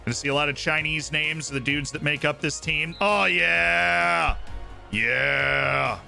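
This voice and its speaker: A man's voice: on the high side, flat delivery, a little fast, pushed and bright, soft background music. A man streaming a football management game, chatting casually and cheering his team on. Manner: chatty, hypes his team, thinks aloud. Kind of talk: casual gameplay commentary.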